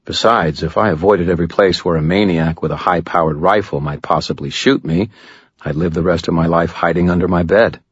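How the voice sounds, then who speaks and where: A man's voice: sits low, fairly quick, breathy edge, no echo, dull audio. A man narrating a story in the first person with a wry, sardonic delivery. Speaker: audiobook narrator.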